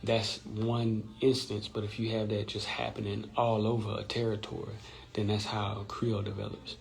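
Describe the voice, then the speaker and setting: Hosting an informal live stream, a man from Louisiana explains things in a low, gravelly voice with a level tone and moderate pace, often asking "right?". A phone or computer mic on social media gives low-quality audio.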